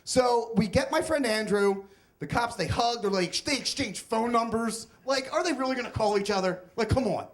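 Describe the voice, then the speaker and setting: A man's voice: extremely high pitch, moderate pace. A young man telling a comic, self-mocking personal story on stage at a live storytelling event.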